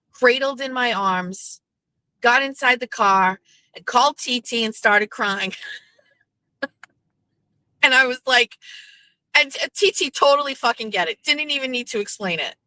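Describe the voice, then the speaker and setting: A woman's voice: a little high, bright, forceful tone, no echo, poor audio. A woman, hosting her show and telling a casual, profane story, quoting the people in it. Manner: chatty and profane, quoting others in quick back-and-forth. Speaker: host.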